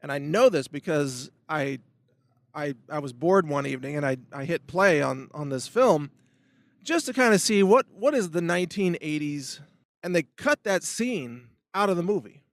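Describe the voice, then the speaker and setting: A man's voice: on the high side, lively intonation, moderate pace, no echo. A middle-aged man hosting his own show, giving an emphatic opinion monologue that rambles with restarts and asides. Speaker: host of a video commentary show.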